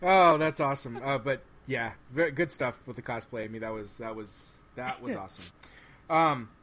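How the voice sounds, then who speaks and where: A man hosting a fan panel, moving things along briskly and cheering on guests. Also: mid-range voice, fairly bright tone. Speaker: host. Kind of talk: casual panel moderating.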